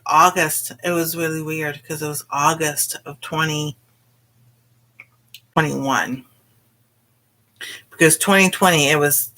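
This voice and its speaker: A woman's voice: deep voice, bright, forceful tone. A woman cooking vlogger telling a personal story in a casual, rambling way, with many fillers and exclamations. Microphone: livestream.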